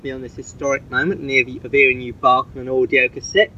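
A man's voice: mid-range voice, normal speed, a bit bright. A man recording a rambling, chatty cassette tape message, full of fillers. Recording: muffled old cassette tape with hiss.

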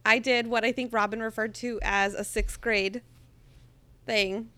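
Giggly bright-voiced woman recapping a book. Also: a little high, fairly even intonation, slow pace. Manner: giggly, reads excerpts between asides. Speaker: podcast host recapping a book. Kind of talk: casual chat, reading aloud.

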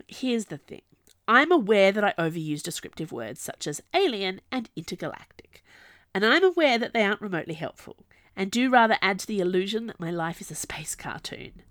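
Lively woman narrating a story. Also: mid-range voice, no echo, studio quality. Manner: lively, expressive storytelling with character voices. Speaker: audiobook narrator. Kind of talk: scripted narration.

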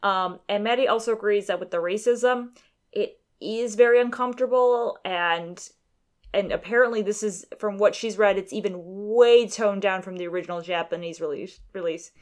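Woman, podcast co-host, casual chat, middling pitch, reads a listener email, lots of ums and uhs. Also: normal speed.

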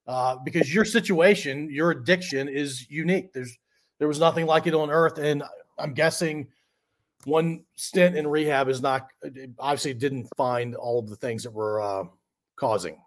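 A male podcast host with a slightly high voice. He recaps what his guest has just said and then puts a question to him. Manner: sums up the guest's words before asking. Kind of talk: interview questions.

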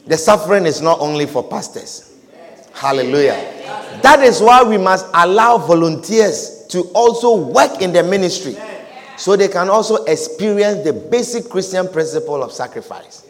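An unusually high-voiced man preaching with wide, lively swings of pitch. He repeats his points and calls out hallelujah and amen. His voice rings through a long echoing church hall. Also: moderate pace. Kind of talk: sermon.

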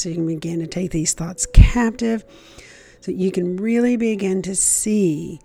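A woman's voice: fairly low pitch, vocal fry, dark tone. A woman giving a casual Christian devotional talk, speaking conversationally and often repeating herself as she acts out an inner accusing voice.

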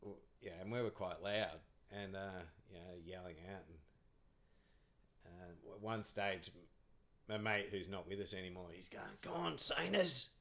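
A man's voice: low-pitched, steady tone, moderate pace, fairly bright tone. A man, a podcast guest telling cricket anecdotes in a rambling, chatty way, laughing often.

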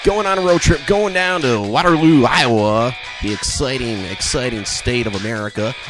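A man doing a mock radio announcement as a brash, hyped-up male radio DJ with a booming announcer delivery. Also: moderate pace, music in the background, lightly acted.

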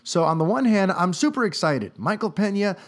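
A man's voice: high-pitched, brisk. A man hosting a podcast, talking casually and animatedly on his own, with many fillers. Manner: animated, talkative, many "you know" fillers. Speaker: podcast host. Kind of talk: casual solo commentary.

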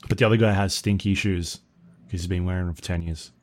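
A man co-hosting a gaming podcast, chatting in a relaxed, hesitant way. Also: low-pitched, fast. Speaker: podcast co-host. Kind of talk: casual chat.

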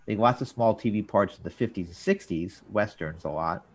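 A man hosting a casual talk show, recapping scenes and jumping into quoted lines with an animated delivery. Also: normal speed. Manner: animated, jumps up in pitch for quoted characters. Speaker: podcast host.

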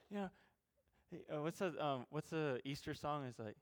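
A man preaching a sermon as a youth pastor. He is animated and informal, swinging between loud emphasis and quiet, self-deprecating asides. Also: on the high side, normal speed.

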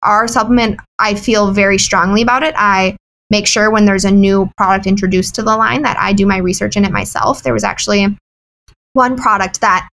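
Guest, woman, wellness business owner: quick, candid, chatty, lots of fillers. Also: medium pitch, steady tone, a bit bright, rough recording. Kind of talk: casual interview chat.

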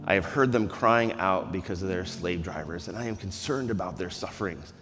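A man preaching a conversational, earnest sermon that swings between hushed, quiet passages and loud, raised ones. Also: sits low, brisk, music in the background. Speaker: pastor. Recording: long reverb of a large hall.

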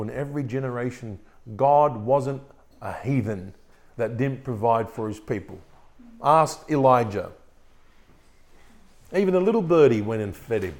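A male pastor delivering a sermon in an animated preaching manner, reading scripture aloud. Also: mid-range voice, creaky.

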